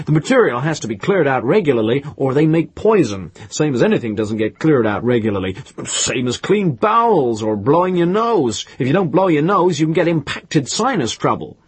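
A man doing a loud, pompous know-it-all. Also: a little high, husky, no echo, pitched above the performer's own voice, heavily acted. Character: big, self-absorbed middle-aged man, bossy know-it-all.

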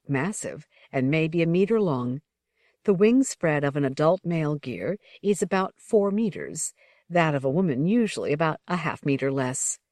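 A narrator reading a fantasy text aloud in a measured, unhurried way, pausing between short phrases. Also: medium pitch, no echo, studio quality.

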